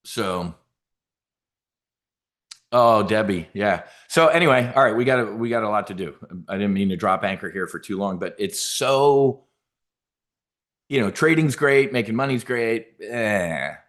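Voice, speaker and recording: A middle-aged man hosting a trading show, telling stories in a rambling, animated way with many fillers. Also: fairly low pitch, unhurried, long pauses. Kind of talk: casual livestream talk.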